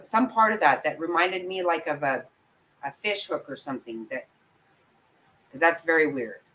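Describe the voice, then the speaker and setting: A woman's voice: low-pitched, normal speed, a bit bright, low-quality recording. A woman giving heated, profane commentary on a livestream, ranting and talking straight to her viewers. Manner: angry, profane, emphatic ranting; talks to viewers and apologizes for the outbursts. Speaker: true crime commentator.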